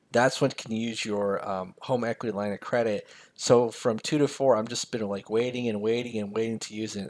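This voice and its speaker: A sleepy man giving a casual late-night finance tutorial over a screen share, rambling and poking fun at himself. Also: medium pitch. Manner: rambling, self-mocking, jokey asides. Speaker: personal finance mentor.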